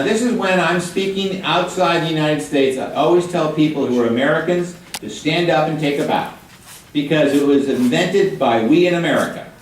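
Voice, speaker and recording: An older man giving a guest lecture to high school students, chatty and joking as he quizzes the room. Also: a little hiss or hum. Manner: chatty, jokey, quizzes the audience. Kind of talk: classroom lecture with questions to students. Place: high school hall or classroom. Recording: echoey room, mic at a distance.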